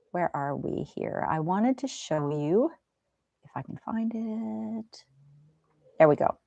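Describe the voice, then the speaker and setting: A middle-aged woman hosting a casual live stream, chatting gently and reading viewer comments aloud. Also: fairly low pitch, dry recording.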